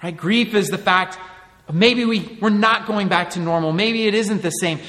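Man, 30s, pastor, high voice, earnest conversational sermon, rhetorical questions, long hall reverb. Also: normal speed, a bit bright.

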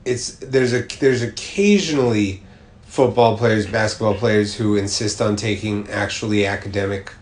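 A man's voice: on the low side, fairly even intonation, moderate pace, reverberant. A man co-hosting a podcast, chatting casually in a rambling, joking way with some swearing. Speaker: podcast co-host. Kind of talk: casual chat.

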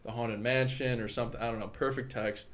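Laid-back laughing podcast host. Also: male voice, medium pitch, fairly even intonation, brisk, fairly bright tone. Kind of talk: casual chat.

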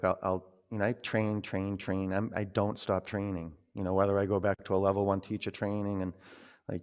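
Male yoga teacher, low gravelly voice, gentle chatty cueing. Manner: gentle, conversational cueing with frequent fillers. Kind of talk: guiding a yoga class.

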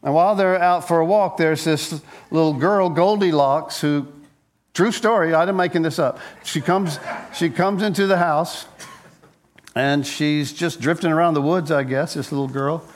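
Joking male pastor, slightly high voice. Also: moderate pace. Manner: playful, joking storyteller; frequent word repeats. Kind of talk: conversational sermon.

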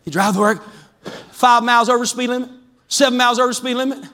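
A man preaching a lively, conversational sermon as pastor, breaking into sudden shouts. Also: very high-pitched, fast talker, in a large hall. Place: church sanctuary.

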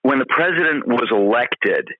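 Animated man telling a story. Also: mid-range voice, normal speed, no echo. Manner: animated storyteller, acts out quoted voices. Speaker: guest author. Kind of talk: conversational interview answers. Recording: dull muffled audio.

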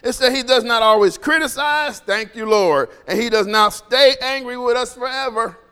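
A man preaching a sermon in a church, animated and joking, often laughing as he talks. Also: very high voice, normal speed, clear, resonant tone, long reverb tail. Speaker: pastor.

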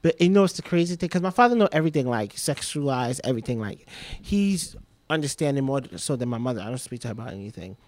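A man's voice: mid-range voice, lively intonation, fast, darkish tone, no room sound. A young man telling a personal story as a podcast guest, rambling and repeating himself, leaning on "like" all the time. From Trinidad.

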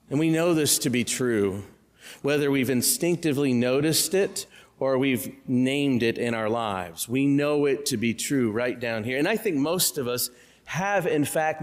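A male pastor giving a sermon, telling stories with humor and talking directly to the congregation. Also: mid-range voice. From Central Illinois. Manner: storytelling with humor, conversational asides to the congregation. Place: church. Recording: long hall reverb in a church.

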